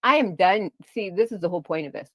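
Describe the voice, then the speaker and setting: A woman's voice: on the low side, expressive, fast talker, a bit bright, no room sound. A middle-aged woman vlogger ranting angrily to her viewers, heated and profane, repeating herself as she defends her family. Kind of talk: angry rant to camera.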